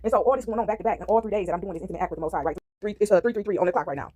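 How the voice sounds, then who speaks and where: Woman vlogger, storytime monologue, very fast talker, animated, keeps asking right. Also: mid-range voice.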